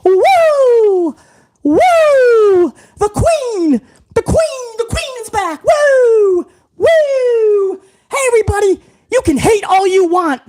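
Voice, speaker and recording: A man mocking an overexcited wrestling fan in a shrill, squealing, high-pitched voice that keeps woo-ing. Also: lively intonation, takes it slowly, darkish tone, heavily acted. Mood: giddy mocking.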